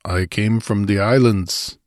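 A man voicing a calm, unflappable barbarian adventurer in an audiobook reading, speaking unhurried and low-key. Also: dry recording, studio quality.

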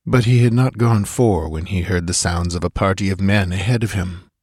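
A male audiobook narrator with a low voice, reading in a measured, steady way. The recording is dry and close, with no room sound. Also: no echo. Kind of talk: scripted narration.

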